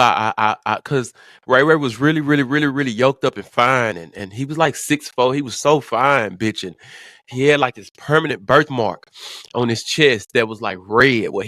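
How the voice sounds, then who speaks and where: A man vlogging, telling an emotional personal story in profane slang, stammering and swinging from hushed to excited. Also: medium pitch, no echo.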